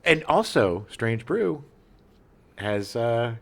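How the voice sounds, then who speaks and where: A man's voice: mid-range voice, sing-song, drawn-out words, creaky, a bit bright. A man co-hosting a podcast in casual chat, joking around and dropping into bits. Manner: jokey, drops into Canadian impressions. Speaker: podcast co-host.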